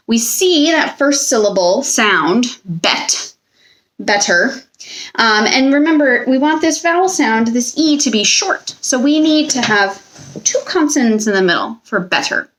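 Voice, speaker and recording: A woman's voice: on the high side, a bit bright. A young woman teacher giving a recorded spelling lesson to children, patient and drawing out each word. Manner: patient, slow, stretches out words.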